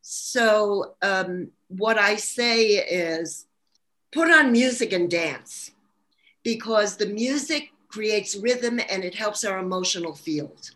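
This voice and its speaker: A woman's voice: mid-range voice, expressive, takes it slowly, a bit bright. A woman from Brooklyn with a New York accent, talking earnestly about spirituality and health in a casual interview, with frequent restarts. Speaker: holistic practitioner guest.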